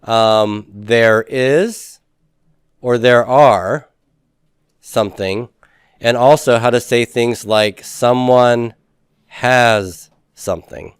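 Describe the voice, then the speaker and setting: A man's voice: mid-range voice, very slow, long pauses, smooth, no echo, clean studio sound. A man teaching a Hebrew grammar class, patiently asking students questions and confirming their answers.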